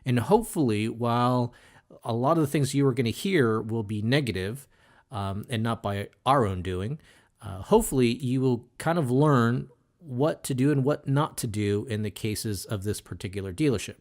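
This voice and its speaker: A male podcast host in loose conversation with his co-host. His voice sits at a plain middle pitch, and he talks in an animated, joking way, full of fillers and restarts. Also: normal speed. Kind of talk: casual podcast chat.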